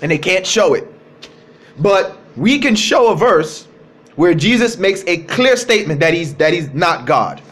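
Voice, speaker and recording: A man giving a livestreamed religious talk into his cell phone, emphatic, repeating key phrases and slowing down to stress words. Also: sits high, big pitch swings, a bit bright. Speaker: religious speaker.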